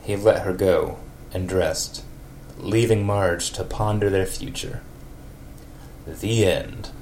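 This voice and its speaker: A man hosting a podcast who reads a story aloud in a deadpan way and then chats casually. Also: low voice, slow pace, slight background noise. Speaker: podcast host.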